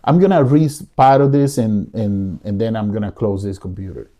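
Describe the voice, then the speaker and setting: A man's voice: lowish voice, moderate pace, mellow. A man hosting a talk show, delivering emotional solo commentary in a pleading, repetitive way, speaking from his living room. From United States. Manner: emotional, pleading, repeats himself. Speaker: podcast host.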